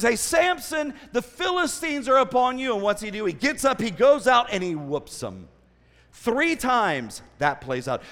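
Animated high-voiced preacher in reverb. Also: male voice. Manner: animated storytelling with asides and voiced quotes. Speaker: traveling preacher. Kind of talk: sermon. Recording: long hall reverb.

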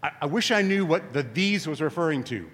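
At a camp meeting, a man with a fairly high, fairly bright voice delivers a sermon full of melody and pitch swing, speaking fairly quickly with lively intonation. He is emphatic yet conversational, repeatedly questioning the congregation, and a long reverb makes his voice sound like it fills a large hall.

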